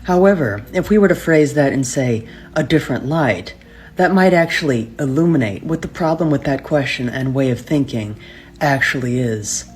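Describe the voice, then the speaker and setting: Measured rhetorical speaker. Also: medium pitch, lively intonation. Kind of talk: formal commentary.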